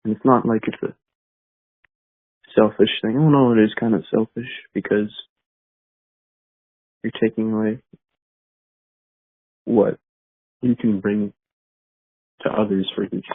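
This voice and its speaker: A man leaving a halting, heartfelt voicemail message. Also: fairly low pitch, fairly even intonation, breathy edge, dry recording. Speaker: caller leaving an anonymous voicemail. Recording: dry tinny phone voicemail.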